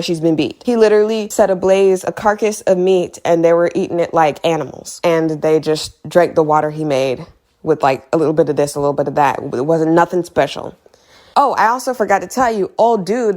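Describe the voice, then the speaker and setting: A woman's voice: fairly low pitch, a little mellow. Exasperated woman ranting about a movie. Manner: heated, exasperated, repeats points for emphasis. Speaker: video creator. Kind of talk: casual movie recap rant.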